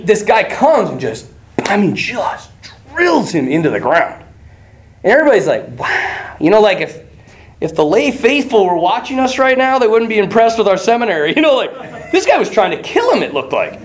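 A man preaching a conversational sermon, telling stories with frequent laughs and casual asides. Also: sits high. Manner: animated, laughs often, casual "you know, like" asides.

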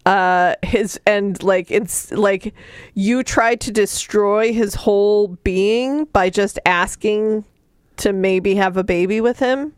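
A woman's voice: medium pitch, slow pace, clean tone, no room sound, clean studio sound. Sarcastic woman recapping a book. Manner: sarcastic, animated retelling with mock voices. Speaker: podcast co-host recapping a book. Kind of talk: casual chat.

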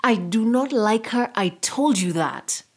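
A woman's voice: a little high, lively intonation, unhurried, husky, pitched above the performer's own voice, heavily acted. A woman reading the part of a stern, worried middle-aged father who speaks firmly. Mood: scolding. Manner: firm, scolding.

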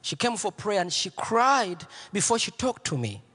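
A man preaching as pastor, telling a story with repeated lines and swinging from hushed near-whispers to shouts. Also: high voice, big pitch swings, normal speed, husky, long reverb tail. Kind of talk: sermon.

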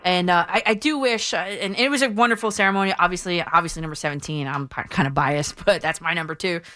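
A woman's voice: fairly low pitch, fast talker, bright, forceful tone. A woman hosting sports talk radio, opinionated and chatty, often restarting her sentences. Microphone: studio mic.

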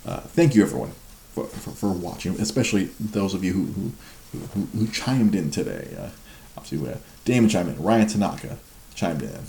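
A man's voice: low voice, very animated, a little fast, creaky, mellow. A man hosting a live show, chatting casually, rambling with frequent laughs and stammered repeats. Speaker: livestream show host. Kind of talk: casual chat. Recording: roomy echo with faint noise.

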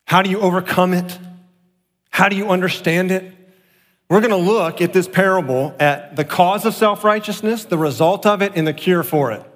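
Guy preaching, pretty high voice, lots of repeated points, big echo hall. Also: normal speed. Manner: rhetorical questions, emphatic repetition. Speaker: pastor. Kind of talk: sermon.

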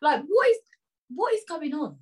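Animated woman reading dilemmas aloud. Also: sits high, moderate pace, rough recording. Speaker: guest reading listener dilemmas. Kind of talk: casual podcast chat.

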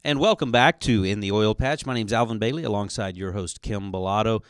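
A man co-hosting a radio talk show, brisk and jokey, introducing a guest. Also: lowish voice, clear, resonant tone, no echo, studio quality. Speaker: radio co-host.

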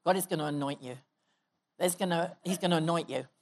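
A woman's voice: on the low side, a little fast, darkish tone, a little hiss or hum. A woman pastor preaching a sermon in church, exhorting the congregation and leading them in prayer. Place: church hall.

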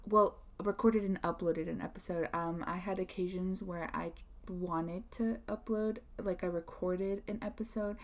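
A woman's voice: on the low side, steady tone, a little slow. A young adult woman hosting her own podcast, chatting casually and rambling with lots of filler words. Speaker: podcast host. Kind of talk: casual solo podcast chat.

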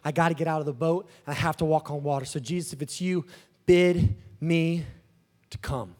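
Preacher doing a bold male disciple, low and earnest. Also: steady tone, moderate pace, darkish tone, in a large hall, natural voice. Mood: determined.

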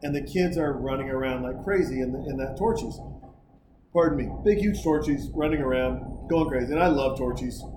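A man's voice: medium pitch, a little fast. A man telling stories in a casual chat, acting out dialogue and swearing freely. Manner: animated storyteller, acts out dialogue, swears. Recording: echoey room with noise.

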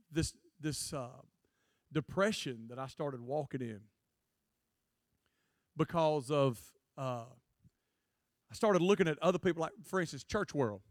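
A man preaching a jokey, animated youth sermon to a live student audience. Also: a little high, dry recording, clean studio sound. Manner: jokey, animated, acts out quotes in funny voices. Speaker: guest preacher.

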